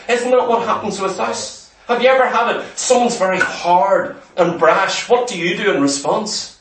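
A man preaching a sermon earnestly, sometimes dropping to a hushed, tender voice. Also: extremely high pitch, normal speed, reverberant, recorded from a distance, poor audio.

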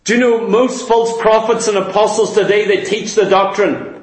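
A man's voice: high-pitched, fairly even intonation, moderate pace, echoey room, rough recording. A man preaching a sermon, emphatic, asking and answering his own rhetorical questions.

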